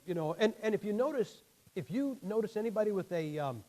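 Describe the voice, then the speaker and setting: This sermon comes from a man in his sixties whose voice sits high and has a darkish tone; he's animated and a little fast, blunt, folksy and emphatic. Damaged vocal cords leave him out of air at sentence ends, and the audio quality is poor.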